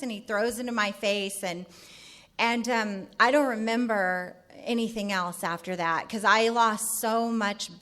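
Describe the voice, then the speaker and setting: A middle-aged woman from California telling her recovery story at a meeting in a candid, halting way. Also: mid-range voice, a bit bright. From California, USA. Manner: candid, halting, lots of fillers.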